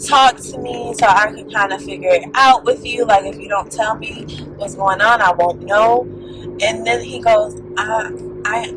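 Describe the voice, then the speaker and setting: A woman's voice: a little high, background noise. A woman in her thirties talking candidly to camera as a vlogger, rambling with lots of fillers. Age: 30s. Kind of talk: casual talk to camera. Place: in a car.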